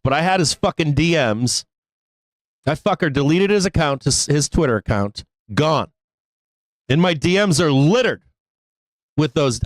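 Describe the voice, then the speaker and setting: A man's voice: fairly high pitch, no room sound, clean studio sound. A man hosting a live stock trading show, ranting in exasperation at his viewers with heavy swearing, laughing and pleading.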